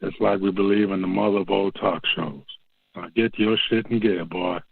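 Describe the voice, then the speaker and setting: A man's voice: sits low, fairly even intonation, normal speed, gravelly, slightly rough, no echo, heavily acted. A man putting on a Southern US accent to play a folksy man scolding and egging on a youngster, heard over a phone line. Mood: teasing. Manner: drawling, teasing exhortation.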